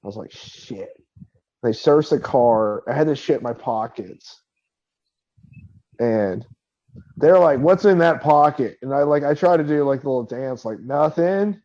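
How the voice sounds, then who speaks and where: A man's voice: medium pitch, a little slow, pauses often, dark tone, dull audio. A man co-hosting a podcast, telling a long profane anecdote in casual chat and laughing as he quotes the people in it. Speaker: podcast co-host.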